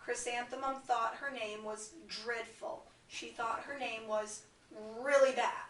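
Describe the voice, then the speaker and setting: Slow, coaxing kindergarten teacher. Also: female voice, fairly high pitch, fairly even intonation, fairly bright tone, a little hiss or hum. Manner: slow, clear, coaxing teacher talk to small children. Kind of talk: classroom read-aloud lesson. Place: classroom. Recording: echoey classroom, far from the camera mic.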